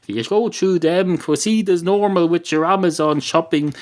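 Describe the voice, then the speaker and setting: A man's voice: on the high side, moderate pace. An Irish man hosting a solo comedy podcast, rambling and sardonic, with many "uh" fillers and mock-outraged asides. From Ireland. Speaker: podcast host.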